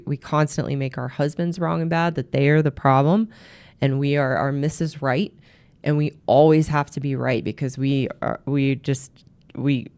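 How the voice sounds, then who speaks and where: A woman with a rumbling low, slightly mellow voice hosts and works as a marriage coach, giving earnest advice to camera. She often repeats words as she restarts.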